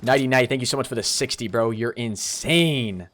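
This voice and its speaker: Young male streamer, mid-pitched, relaxed and excitable, running live gameplay commentary, thanking chat. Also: moderate pace. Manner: casual, excitable, thanks donors and chatters. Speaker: streamer host.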